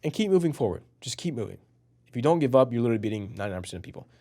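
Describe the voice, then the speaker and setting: With a sing-song, racing delivery, a man in his twenties gives casual to-camera lessons for an online copywriting course, motivational and earnest, filled with fillers. His voice is mid-range with a darkish tone.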